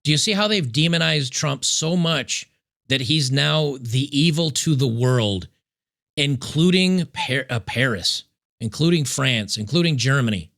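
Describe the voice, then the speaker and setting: A male commentator with a gravelly edge and a bright, forceful tone. He talks emphatically and sarcastically. He slows down to hammer home his points. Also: medium pitch, expressive. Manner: sarcastic, emphatic, repeats key points slowly. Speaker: political commentary host. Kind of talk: opinionated commentary over news clips.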